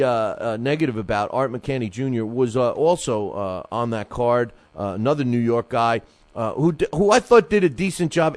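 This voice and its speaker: A man's voice: mid-range voice, no echo. A middle-aged man hosting a boxing talk show, rambling and getting fired up, with many restarts and fillers. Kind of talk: casual radio-style commentary.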